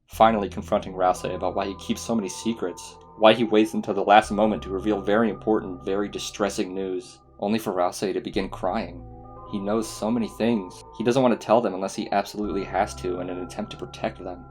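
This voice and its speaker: A man's voice: fairly low pitch, fairly even intonation, a little fast, darkish tone, faint music behind. A man narrating a casual game review voice-over, enthusiastic and swearing freely. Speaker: video essay host.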